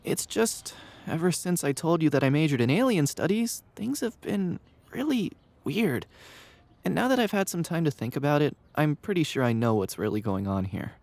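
A woman's voice: deep voice, lively intonation, normal speed, darkish tone, dry recording. A woman voicing a young male college student who asks hesitant, probing questions.

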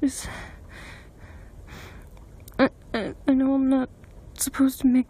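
Stuttering breathy high-voiced woman. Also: monotone, slow, warm tone. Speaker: submissive pleading to a partner. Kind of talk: erotic audio role-play.

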